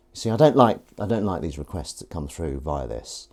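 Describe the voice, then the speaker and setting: Rambling host with a dark, lively voice. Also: male voice, fairly quick, few pauses. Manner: rambling, self-mocking and chatty, slipping into a high sing-song voice to coax his cat. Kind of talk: casual live-stream chat. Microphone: fixed streaming mic.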